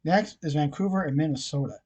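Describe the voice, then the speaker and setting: He talks fast in a husky, slightly mellow mid-range voice. This hockey vlogger, throat froggy and cough nagging, breezes through scores, odds and picks in a chatty rundown crammed with fillers.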